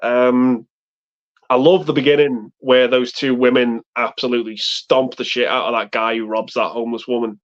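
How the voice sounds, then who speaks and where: A man in a loose, profane film chat on a live stream, wandering through his points and acting out movie lines. His voice sits at a middle pitch. The stream audio is muffled and lo-fi. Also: little pitch movement, normal speed.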